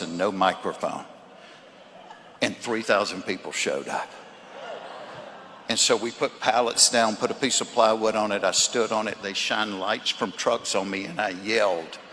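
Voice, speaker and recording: A man with a Southern US accent, a comedian and speaker telling folksy stories in a faith talk to a live audience, at times turning earnest and hushed. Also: on the low side. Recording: reverberant hall with faint noise.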